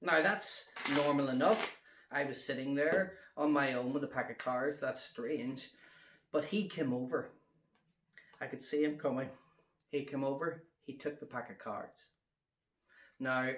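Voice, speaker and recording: Chatty magician in a roomy space. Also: male voice, mid-range voice. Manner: chatty, relaxed, counting cards aloud as he deals. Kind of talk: storytelling card-magic demonstration. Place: at home during lockdown. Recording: roomy echo.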